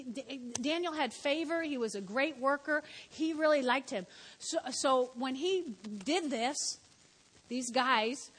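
High-pitched woman preaching in a hall. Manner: animated storytelling, shouts in acted quotes. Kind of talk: sermon.

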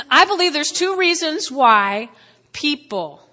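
A woman pastor preaching a sermon with strong emotion, swinging between loud exclamations and hushed whispers, at times close to tears. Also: high-pitched, sing-song, slow pace. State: tearful at times. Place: church hall. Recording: long hall reverb.

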